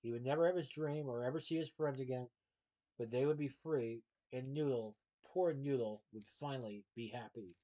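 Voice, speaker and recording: Guy reading a kids novel out loud, plain delivery, middle voice, fixes his slips. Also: medium pitch, moderate pace, dull audio. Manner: plain, with small slips and self-corrections. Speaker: storybook reader.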